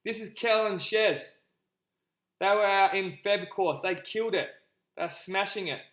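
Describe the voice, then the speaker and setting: A man coaching a group on a live call, energetic and repetitive, often calling his listeners guys. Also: high voice, a little slow, echoey room, rough recording. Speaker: business coach.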